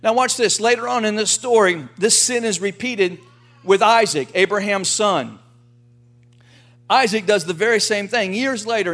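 Male pastor, high voice, folksy and animated sermon delivery. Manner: lively, folksy preaching with acted quotes.

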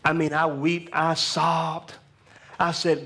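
A man in his thirties preaching a sermon, swinging from hushed storytelling to raised exhortation, with call-and-response lines. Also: a little high, little pitch movement, takes it slowly. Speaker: pastor.

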